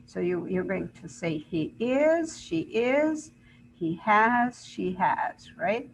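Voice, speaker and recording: Slow-paced woman English teacher, patient and deliberate, faint noise behind. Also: mid-range voice, sing-song, vocal fry, poor audio. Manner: slow, deliberate, repeats examples and checks with "right?". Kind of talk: grammar lesson explanation.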